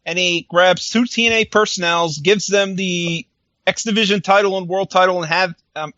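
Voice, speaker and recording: A man co-hosts a podcast in a casual, animated recap, laughing frequently and acting out lines. His voice is high, pushed and bright, with no room sound, though the recording is muffled.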